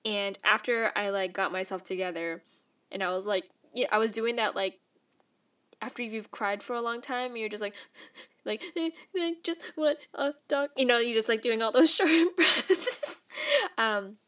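A young adult woman telling a personal story in a casual, animated way, with lots of "like" and quick laughs. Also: medium pitch. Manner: animated and emotional, heavy use of "like", frequent laughs.

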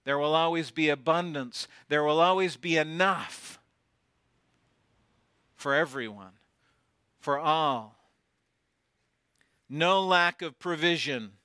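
A man preaching a sermon, swinging from loud declarations down to near whispers and putting rhetorical questions to his congregation. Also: a little high, takes it slowly, pauses often, clean tone, no echo, clean studio sound. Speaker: pastor.

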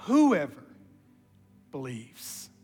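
Guy preaching, high voice, animated then hushed, lots of hall echo. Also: very slow, faint music behind. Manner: animated storytelling, drops to hushed emphasis. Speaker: pastor. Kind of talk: sermon.

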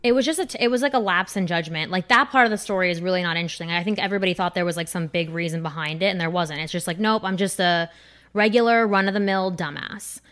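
This is a woman from New Jersey with a fairly low voice who talks fast. She's a comedian guesting on a casual podcast, telling a story with animation and performing the quoted voices.

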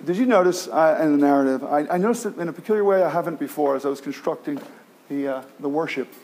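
High-voiced pastor preaching animatedly. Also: male voice, fast. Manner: animated, many restarts, acts out quoted cries. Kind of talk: sermon.

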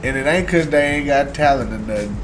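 A man's voice: medium pitch, lively intonation, quick pace, over music. A man co-hosting a podcast, talking in a laid-back slangy way with stammers and restarts. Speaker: podcast co-host. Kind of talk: casual chat.

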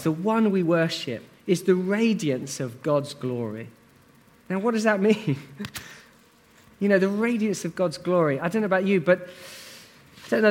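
A male preacher delivering a sermon in a warm, conversational style, turning to his listeners with questions. His voice is high for a man and rises and falls a great deal. He keeps it animated throughout.

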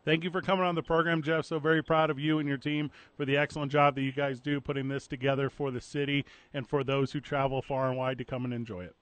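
A man's voice: medium pitch, level tone, quick pace, few pauses, no room sound. A man hosting a sports radio show, joking and bantering casually into a studio microphone.

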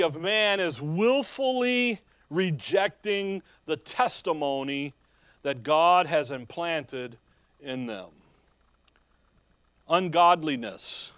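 A man's voice: sits high, a bit bright, dry recording. Folksy preacher man, dry sound. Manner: conversational, folksy, with frequent restarts. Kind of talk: sermon.

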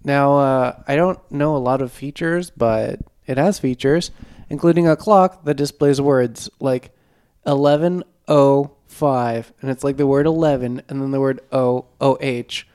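A man co-hosting a comedy podcast, trading crude, deadpan jokes in casual banter. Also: medium pitch, unhurried, clear, resonant tone. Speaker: podcast co-host.

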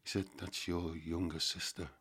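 Older Liverpool man, very deep voice, rambling and halting guest storyteller. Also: level tone, fairly bright tone, husky. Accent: Liverpool (Scouse). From Liverpool, England. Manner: halting, many fillers and restarts. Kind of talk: casual recollection.

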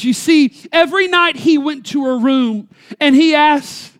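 Dramatic folksy preacher telling a story. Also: sits high. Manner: dramatic, swinging from loud emphasis to quiet near-whispers, slowing on key words. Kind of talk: sermon storytelling.

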